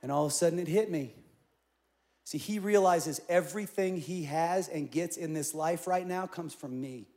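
A middle-aged male pastor preaching a sermon, telling a story with lively acted-out quotes. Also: a little high, moderate pace. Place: large church auditorium.

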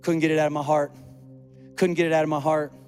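A man's voice: on the high side, flat delivery, quick pace, darkish tone. A male pastor preaching a sermon in a chatty storytelling way, acting out the dialogue he quotes. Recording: long hall reverb with faint music.

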